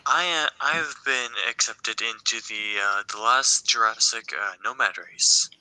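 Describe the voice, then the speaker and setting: A man calling in to a gaming stream, chatty and joking, with filler pauses. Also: medium pitch, sharp tone, clean tone, dry recording, poor audio. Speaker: caller. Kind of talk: casual chat.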